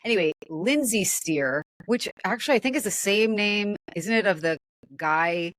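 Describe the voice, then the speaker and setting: A woman's voice: medium pitch, expressive, normal speed, a bit bright, no echo. A woman hosting a casual podcast, reading odd news stories aloud and laughing at them. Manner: amused, laughs often, comments while reading. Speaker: podcast host.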